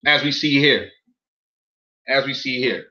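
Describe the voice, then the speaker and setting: A man's voice: mid-range voice, a little slow, sharp tone, highs cut off. A man reading documents aloud in casual commentary to viewers, incredulous and profane, often stopping to ask them questions.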